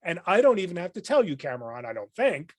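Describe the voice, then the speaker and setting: A philosophy professor appears as a guest in a podcast interview, explaining ideas in a thoughtful, lecturing style and often pausing with "um" before restarting his phrases. His voice is high with big pitch swings, and there's no echo.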